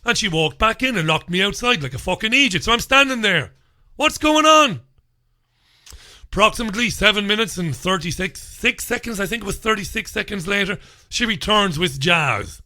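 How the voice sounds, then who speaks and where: Sardonic radio host, bright voice. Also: male voice, sits high, brisk. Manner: animated, swearing, sardonic. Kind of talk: comic storytelling monologue. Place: radio studio.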